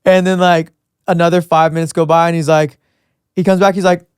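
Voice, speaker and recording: A man's voice: fairly high pitch, flat delivery, fairly quick, a little mellow, smooth, no echo, studio quality. A young man co-hosting a podcast, telling a story in casual chat and acting out other people's lines. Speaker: podcast co-host.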